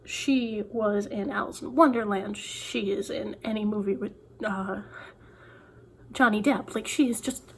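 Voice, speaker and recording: A woman's voice: mid-range voice, steady tone, measured pace, fairly bright tone, slight background noise. A young woman author chatting casually to camera, rambling with many "like"s and restarts. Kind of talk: casual vlog chat.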